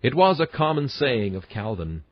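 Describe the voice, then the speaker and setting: A man's voice: mid-range voice, big pitch swings, normal speed, no echo, muffled recording. A man reading a classic sermon aloud in an emphatic, earnest preaching cadence. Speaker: sermon reader.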